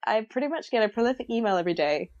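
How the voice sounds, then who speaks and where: A woman's voice: on the high side, expressive, rapid-fire, a little mellow, no echo, highs cut off. A woman co-hosting a history podcast, chatting casually with wry, teasing humor. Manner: laughs often, teasing and wry. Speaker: podcast co-host. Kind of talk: casual chat.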